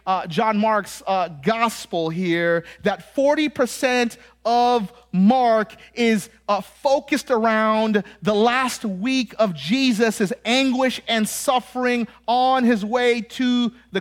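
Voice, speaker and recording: An American man preaching with a high, lively voice. He keeps it conversational and animated, throwing in jokes and acting out quoted voices as he teaches. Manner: animated, joking asides, acts out quoted voices. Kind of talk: sermon.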